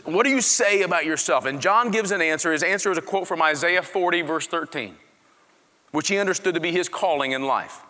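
A man preaching a sermon, swinging from quiet talk to loud, animated shouting. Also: medium pitch, in a large hall. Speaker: pastor.

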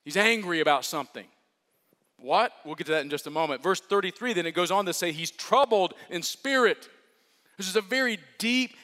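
A man with a high voice delivers an earnest sermon, dropping to near-whispers and then rising to emphatic peaks as he repeats key words. His voice rings out with the long reverb of a large church hall. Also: lively intonation, moderate pace. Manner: earnest preaching that swings from hushed to emphatic, with repetition. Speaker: pastor.

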